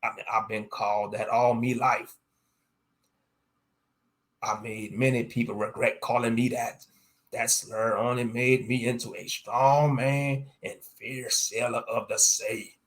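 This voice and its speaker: A man's voice: mid-range voice, flat delivery, a little slow, natural voice. A man voicing a boastful, murderous male pirate captain who taunts in sea-dog slang and chuckles as he talks.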